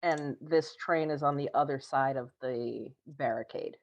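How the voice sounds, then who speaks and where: A woman's voice: rumbling low, unhurried, darkish tone, lo-fi sound. A woman playing in a tabletop role-playing game, asking practical questions about the plan. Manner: inquisitive, asks planning questions. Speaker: player. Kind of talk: tabletop role-play chat.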